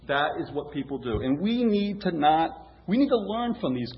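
Male preacher, slightly high voice, conversational sermon, echoey lo-fi recording with faint noise. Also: very animated, moderate pace. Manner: conversational, rhetorical questions, frequent restarts. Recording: roomy, dull, lo-fi with faint hum.

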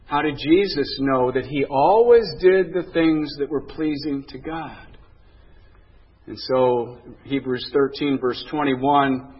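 A man's voice: on the high side, breathy edge, dull audio. A man preaching a sermon in an earnest way, drawing out the words he wants to stress. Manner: earnest preaching, drawn-out emphasis on key words. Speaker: pastor.

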